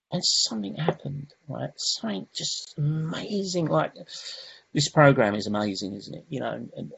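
A man's voice: medium pitch, creaky, breathy edge, dull audio. A man sharing his recovery story at a meeting, rambling, with many restarts and "you know"s. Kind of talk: personal recovery share.

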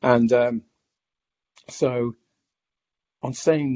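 Man, reflective personal story, halting delivery, dark husky voice. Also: mid-range voice, steady tone. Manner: reflective, halting, many restarts and fillers. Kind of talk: personal testimony. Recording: dull lo-fi recording.

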